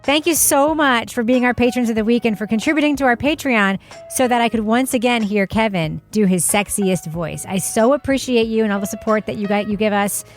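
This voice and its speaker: A woman's voice: fairly high pitch, brisk, soft background music. A woman co-hosting a podcast, chatting, teasing her co-host and reading ads. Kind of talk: casual banter and ad reads.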